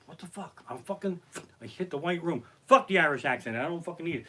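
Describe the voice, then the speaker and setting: Brief: high, bright-voiced man doing stand-up stories at home, swearing freely, very animated. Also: fast, a little hiss or hum. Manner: profane, animated anecdotes. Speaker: comedian. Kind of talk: stand-up storytelling on a live stream. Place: his living room. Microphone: basic home setup.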